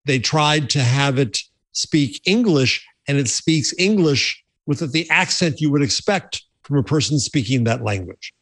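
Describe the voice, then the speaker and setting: A man's voice: a little high, a little slow, no echo. Guy cohosting a tech show, tells stories, trips over his words a bit, dry close sound. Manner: animated storyteller, restarts phrases. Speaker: podcast co-host. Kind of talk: casual tech chat.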